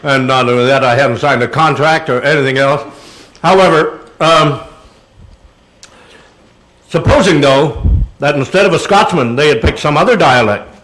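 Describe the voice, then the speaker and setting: An older man giving an animated, anecdotal talk to an audience, slipping into voices as he goes. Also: a little high, moderate pace, pauses often, rough recording. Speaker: guest speaker. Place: auditorium presentation.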